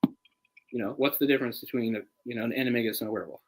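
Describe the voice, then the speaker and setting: A man co-hosting a casual live movie commentary, chatty and opinionated, getting heated and animated as he picks apart the adaptation. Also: medium pitch, fast, a little hiss or hum, low-quality recording. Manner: opinionated, gets heated and animated when ranting; chatty, full of "like" and restarts. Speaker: film commentary co-host.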